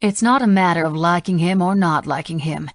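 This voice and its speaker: A woman's voice: lowish voice, a little fast, dry recording, lightly acted. A woman voicing a frank middle-aged housekeeper with a slight Southern accent.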